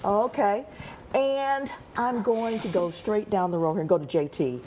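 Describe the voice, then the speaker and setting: Cheery female game show host, mid pitch, noisy studio recording. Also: normal speed, mellow. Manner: upbeat, chatty, laughs often. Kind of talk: hosting a local TV family game show.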